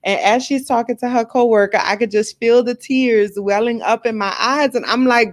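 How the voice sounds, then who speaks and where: A woman's voice: fairly high pitch, steady tone, moderate pace, hardly any pauses, no room sound, clean studio sound. A woman hosting a live stream, chatting casually and candidly to her viewers, telling a personal story with lots of fillers and repeated words.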